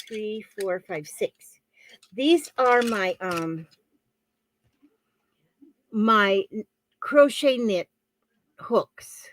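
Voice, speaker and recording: A woman's voice: medium pitch, a little hiss or hum, rough recording. Chatty rambling woman crafter. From Florida. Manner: chatty, wanders off topic. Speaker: crafting vlogger. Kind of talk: casual rambling chat.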